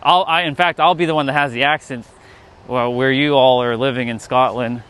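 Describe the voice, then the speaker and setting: A man's voice: mid-range voice, steady tone, a little fast, fairly bright tone, smooth. A man with a Canadian accent hosting a livestream outdoors on his phone, rambling and thinking aloud as he walks down a city street. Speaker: livestream host. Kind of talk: walking livestream chat.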